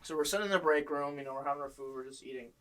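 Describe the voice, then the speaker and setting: A man telling funny stories from his old job in casual chat, animated and swearing freely. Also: fairly high pitch, racing, distant mic. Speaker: guest storyteller.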